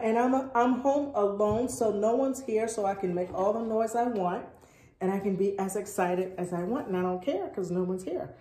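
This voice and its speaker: Woman vlogger, slow unhurried delivery, gushes and gasps over each item, roomy home sound. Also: medium pitch, dark tone. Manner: gushing, gasping, breathless exclamations. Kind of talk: excited unboxing vlog. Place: at home, indoors.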